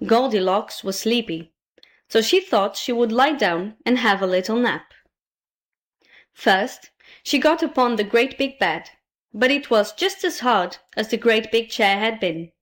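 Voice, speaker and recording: Storybook reader, woman, fairly high voice, playful and expressive. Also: a little slow. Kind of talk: storybook narration.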